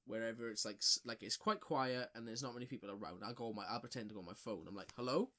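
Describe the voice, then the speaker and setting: Over a noisy crowd, a young man with a fairly low-pitched voice talks very fast. He's a podcast co-host telling a story in a loose, sweary, casual way, full of fillers and restarts.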